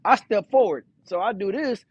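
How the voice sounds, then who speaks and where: A man's voice: high-pitched, moderate pace, slightly rough, dry recording, lo-fi sound. A man, a truck driver telling a story in a casual vlog, talking candidly with some swearing and acting out the voices of the people in it. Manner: candid, profane, acts out quoted dialogue.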